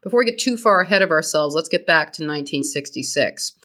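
A podcast co-host with a Boston accent narrating true crime history, brisk, with blunt, profane asides. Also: mid-range voice, expressive, bright, forceful tone.

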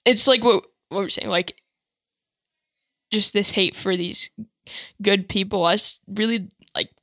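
A young woman chatting as a podcast guest, talkative and quick with asides. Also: mid-range voice, steady tone, sharp tone, no room sound, clean studio sound. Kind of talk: casual chat.

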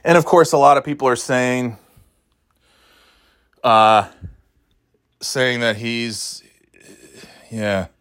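A man's voice: medium pitch, takes it slowly, long pauses, fairly bright tone. A man hosting his own podcast who rambles casually, swears freely and laughs often as he talks. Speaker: podcast host. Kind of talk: casual solo chat.

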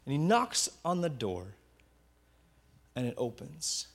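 A man preaching a sermon, retelling a Bible story vividly and often dropping to a hushed voice for effect. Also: mid-range voice, sing-song, slow pace. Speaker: pastor.

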